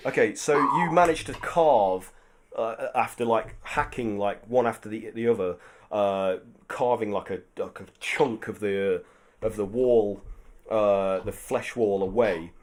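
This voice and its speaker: A man's voice: lowish voice, measured pace. A man narrating a tabletop game as game master, rambling with many fillers and restarts.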